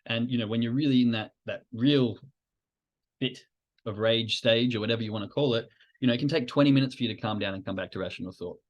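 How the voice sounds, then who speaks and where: A man's voice: medium pitch, fast talker, dull audio. A man hosting a podcast, explaining ideas in an informal, conversational way with frequent fillers. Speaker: podcast host. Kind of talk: educational podcast talk.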